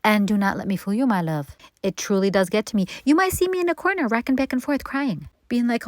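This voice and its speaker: A woman's voice: a little high, brisk, no echo. Woman in her 40s, baking vlogger, candid chatty Q&A read, dry close mic. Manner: chatty, candid, animated quoting. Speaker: baking channel host. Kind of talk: casual Q&A vlog.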